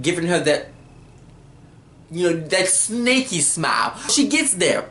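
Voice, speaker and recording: A woman giving an animated, talkative episode recap and acting out the scenes. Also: on the low side, slow pace, pauses often, echoey room. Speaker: TV recap vlogger.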